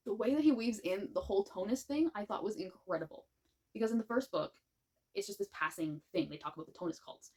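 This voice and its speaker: A woman talks through a book review in a gushing, animated way. Her voice sits a little low, and she rambles and restarts her sentences as she goes. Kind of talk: casual spoken book review.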